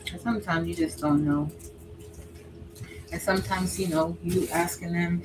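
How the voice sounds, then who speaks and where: Woman, craft livestream host; chatty and casual, calls out viewers by name, excitable with quiet asides. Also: lowish voice, normal speed, noisy background. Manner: chatty, answers viewers by name, says y'all; drifts between excited exclaiming and soft asides. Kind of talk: casual chat while crafting.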